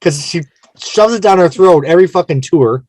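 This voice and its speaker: A man's voice: sits high, expressive, normal speed, a little mellow, no room sound. A man hosting a casual album-discussion podcast, chatty and self-mocking. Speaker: podcast host.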